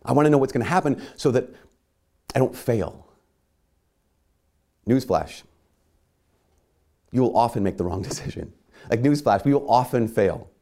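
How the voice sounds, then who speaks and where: A man's voice: mid-range voice, mellow. A man giving a sermon in a conversational, self-mocking way, acting out little dialogues. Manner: conversational, self-mocking, acts out quoted voices.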